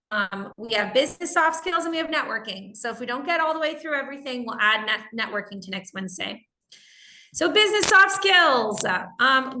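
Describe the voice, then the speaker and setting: Bright chatty woman teaching a webinar. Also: high voice, reverberant, a little hiss or hum. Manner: chatty, explains with examples, reads chat questions aloud. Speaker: webinar instructor. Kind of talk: live online teaching.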